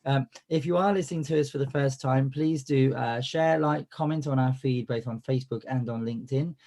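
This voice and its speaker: A man's voice: medium pitch, brisk, dark tone. A man with a cold and a cough, hosting a business coaching webinar in a chatty style full of fillers and restarts. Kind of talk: live webinar presentation.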